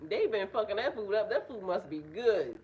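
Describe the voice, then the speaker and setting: With a medium-pitched, darkish, expressive voice at a moderate pace, a woman is heard on a recording with the highs cut off. She's a spiritual reader and life coach giving a casual astrology reading in a yard with birds close by, blunt, foul-mouthed, and quick to laugh.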